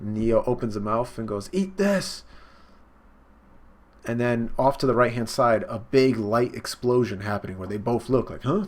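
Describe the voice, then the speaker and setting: A man casually and excitedly recapping a comic chapter in slangy talk during a live stream, jumping into the characters' lines. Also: on the low side. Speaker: online manga reaction host.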